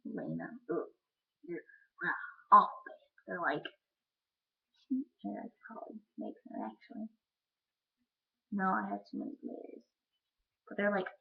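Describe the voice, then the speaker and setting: Chatty teen girl, gravelly lo-fi. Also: medium pitch. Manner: chatty, rambling, lots of "like". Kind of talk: casual vlog chat. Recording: lo-fi webcam audio.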